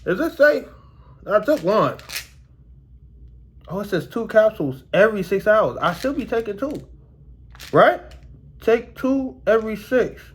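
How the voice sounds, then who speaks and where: A young man vlogging casually to his viewers about his dental work, slangy and animated, his mouth still sore. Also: sits high, a little slow, long pauses. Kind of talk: casual storytelling vlog.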